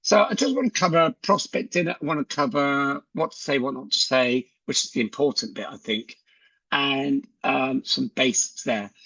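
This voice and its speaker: A man's voice: mid-range voice, moderate pace, creaky, bright, forceful tone, breathy edge, no room sound, lo-fi sound. A man giving a chatty sales training talk on a video call, telling stories and acting out conversations. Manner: chatty storyteller who acts out dialogue.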